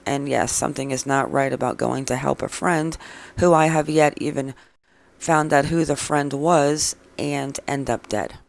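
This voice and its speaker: A true crime vlog host reads viewer comments aloud in a casual chat, firing back blunt, sarcastic replies. Opinionated and chatty, the host speaks at medium pitch with a steady, creaky tone and a measured pace.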